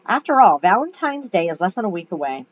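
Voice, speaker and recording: A woman's voice: mid-range voice, big pitch swings, fast, slight background noise, lightly acted. A woman voicing a kind, earnest young schoolgirl in a storybook reading on a dull lo-fi recording. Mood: sweet. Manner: gentle, earnest.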